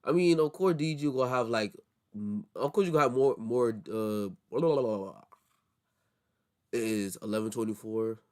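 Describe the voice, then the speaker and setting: A man's voice: medium pitch, a little fast, a little mellow, smooth. A man hosting a reaction video, talking in loose, rambling commentary that stumbles and restarts often.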